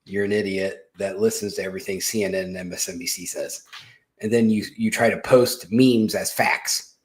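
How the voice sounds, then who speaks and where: A man's voice: sits low, steady tone, moderate pace. A man hosting a casual political commentary show, talking in a blunt, sarcastic, rambling way and cursing freely. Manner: sarcastic, blunt and mocking, with swearing; rambling with restarts and asides. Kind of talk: casual opinion monologue.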